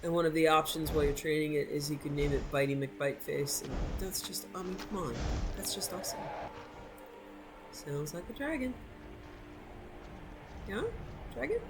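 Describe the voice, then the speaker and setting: A woman's voice: deep voice, normal speed, pauses often. A woman giving casual, opinionated commentary while she plays a video game, laughing often. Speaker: gameplay streamer. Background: game music.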